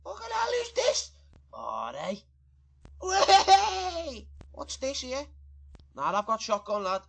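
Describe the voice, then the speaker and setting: A man voicing a brash Scouse fireman in a comedy cartoon dub, high and bright, swearing at everything. His lines leap up and down, full of "lad". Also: huge pitch swings, takes it slowly, vocal fry, slightly rough, heavily acted. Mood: rowdy. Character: crude loud-mouthed Scouse fireman, adult male.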